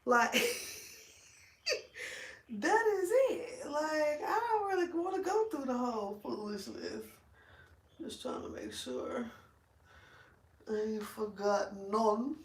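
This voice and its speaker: A woman's voice: sits high, takes it slowly, pauses often, a little hiss or hum. Blunt, profane woman chatting in an echoey room. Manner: animated, blunt and profane, lots of slang. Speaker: vlogger. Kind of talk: casual chat while braiding hair.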